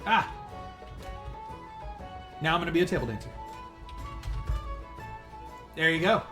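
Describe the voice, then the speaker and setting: A man's voice: fairly high pitch, lively intonation, unhurried, music in the background. A man in his forties, streaming live and chatting casually, upbeat and calling viewers by name.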